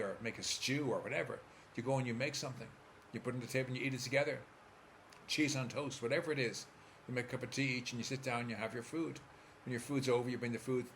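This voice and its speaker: Calm Irish man guiding a visualization. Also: medium pitch, slight background noise. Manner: calm, steady, coaching listener step by step. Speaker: therapist. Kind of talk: guided visualization talk.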